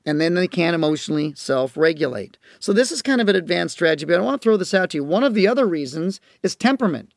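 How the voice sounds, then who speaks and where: A man's voice: high-pitched, animated, quick pace, gravelly, hardly any pauses, dry recording, clean studio sound. A man teaching parents in a recorded lecture, explaining in an earnest, emphatic way. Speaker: parenting educator and counselor.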